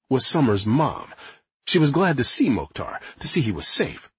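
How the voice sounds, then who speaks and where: A man narrating a nonfiction audiobook in a lively, expressive manner. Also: medium pitch, moderate pace, slightly rough, dry recording, muffled recording. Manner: lively, acting out quotes.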